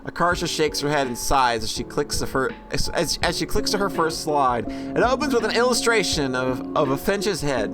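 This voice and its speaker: A man's voice: fairly high pitch, lively intonation, moderate pace, hardly any pauses, over music. A man reading and commenting on a visual novel in a chatty, joking way. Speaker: let's play host.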